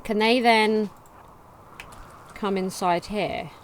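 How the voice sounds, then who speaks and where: A woman casually commenting on her gameplay, reading game text aloud in a chatty way with sudden excited outbursts. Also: medium pitch, very slow, slight background noise. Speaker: let's play gamer.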